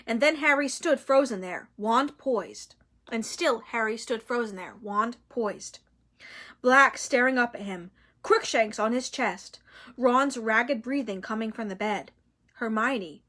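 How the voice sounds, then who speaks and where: A woman reading a novel aloud in an expressive, dramatic way. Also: fairly high pitch, slow.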